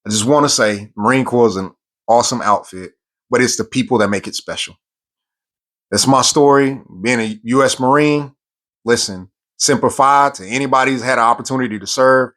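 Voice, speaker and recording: A veteran man recounts his own experience in an earnest, emphatic spoken style. His voice sits at an ordinary middle pitch, and he repeats words for stress as the account builds. It sounds like personal storytelling straight to the listener. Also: a little fast, a bit bright.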